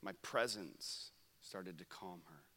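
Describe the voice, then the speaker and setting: A young man preaching a sermon at a camp, telling stories that swing from loud to hushed. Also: deep voice, slow, in a large hall. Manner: storytelling, shifts from loud to hushed. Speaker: pastor. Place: camp meeting room.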